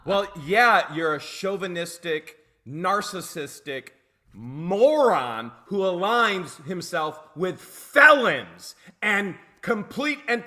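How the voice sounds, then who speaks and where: A man's voice: on the high side, bright, forceful tone. A man co-hosting a livestream, talking casually with sarcastic, mocking asides. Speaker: co-host of a livestream.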